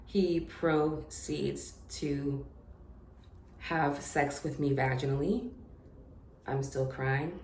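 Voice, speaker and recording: A young woman telling a personal story to camera in an unedited confessional vlog, halting and hesitant, with many fillers and restarts. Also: sits low, fairly even intonation, darkish tone. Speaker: vlogger. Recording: echoey room with faint noise.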